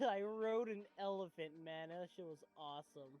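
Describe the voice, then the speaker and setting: Tipsy young dude on a podcast, high voice, gets hyped, swears a ton. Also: male voice, normal speed, faint music behind. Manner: excitable, swears often, laughs a lot. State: drunk. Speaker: podcast co-host. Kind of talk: casual chat.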